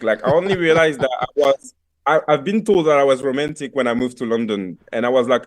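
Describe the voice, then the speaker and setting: A man's voice: medium pitch, animated, fairly quick. A young man from France with a French accent, a guest actor talking over a video call in a radio interview, thoughtful and full of fillers and restarts.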